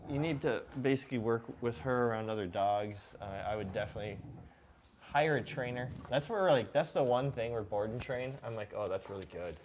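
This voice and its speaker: A man's voice: medium pitch, brisk. A man in his thirties hosts a casual live stream, answering viewer questions in a loose, rambling way. A faint background hiss sits under his voice. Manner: relaxed, rambling, reads viewer questions aloud. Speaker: host.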